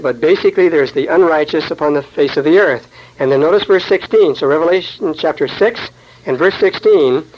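A man's voice: a little high, highs cut off. A man teaching the Bible verse by verse, explaining scripture in a conversational way with folksy asides.

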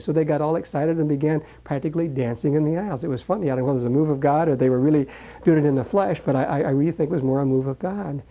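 A man preaching a sermon in a folksy, conversational way, slowing down to read scripture aloud. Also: fairly high pitch. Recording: dull lo-fi recording.

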